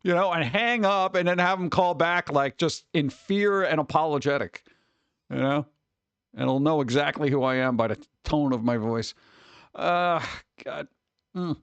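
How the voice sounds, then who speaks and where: A man's voice: on the high side, a little slow, clear, resonant tone, no room sound, dull audio. A man streaming live from his home setup, rambling and joking with exasperation in casual chat.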